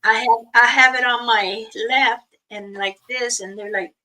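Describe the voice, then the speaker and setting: A middle-aged woman hosts a livestream and spins stories in a relaxed, unhurried chat, acting out the voices of the people in them with a laugh never far away. Her tone is bright and sharp, and she sits back from the mic, so she sounds a little distant. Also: a little high. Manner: animated, acts out quoted dialogue, laughs often. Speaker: livestream host. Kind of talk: casual storytelling chat.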